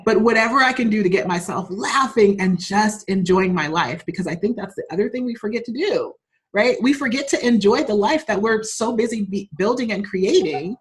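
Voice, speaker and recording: A woman's voice: medium pitch, expressive, a little fast. A woman guest in a casual interview, telling personal stories with frequent laughs and open emotion. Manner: warm, laughing, openly emotional storyteller.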